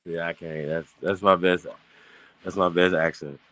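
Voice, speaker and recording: A man's voice: low-pitched, steady tone, normal speed, a bit bright. A man hosting a casual podcast chat in African American Vernacular English, rambling loosely with many restarts. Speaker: podcast host.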